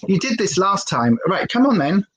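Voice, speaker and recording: A woman's voice: medium pitch, very animated, moderate pace, a little hiss or hum, low-quality recording. Rambling woman, chatty livestream host. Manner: rambling, chatty, talks to her dog. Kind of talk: casual livestream chat.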